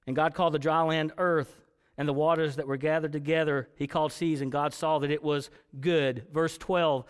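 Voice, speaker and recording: A man's voice: fairly high pitch, steady tone, normal speed, smooth. A man preaching a sermon to a congregation, reading scripture and building to emphatic points. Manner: preaching with rising emphatic passages. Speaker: pastor. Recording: long hall reverb.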